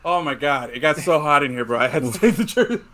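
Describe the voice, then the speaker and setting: A male host of a sports talk show, excitable and casual, tagging sentences with "bro". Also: a little high, fast. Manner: excitable, says "bro" a lot.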